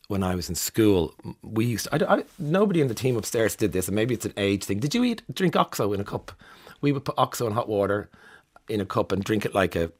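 Male morning radio host, slightly low and husky, wry and chatty. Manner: chatty, wry, laughs through stories. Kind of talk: morning radio news chat.

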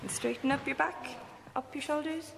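Circus coach, woman, gravelly and lively, recorded far off in a noisy, reverberant room. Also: high-pitched, moderate pace. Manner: encouraging, instructive. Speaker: circus instructor.

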